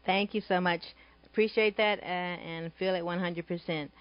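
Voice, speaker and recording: A woman with a fairly low voice moderates a panel, posing long, measured questions. The recording sounds a bit dull. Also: steady tone, dry recording. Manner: measured, with frequent "uh" fillers.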